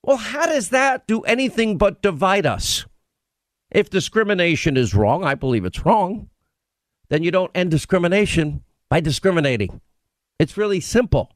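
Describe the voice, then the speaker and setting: A man's voice: high voice, very animated, moderate pace, no room sound, clean studio sound. A man hosting a talk radio show, speaking emphatically and repeating his points for effect. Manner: emphatic, repeats key phrases.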